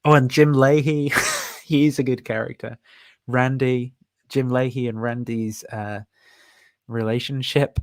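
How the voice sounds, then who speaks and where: A man's voice: medium pitch, steady tone, a little slow, no echo. A man hosting a casual livestream, rambling and thinking aloud with frequent fillers and self-amused laughs. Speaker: host.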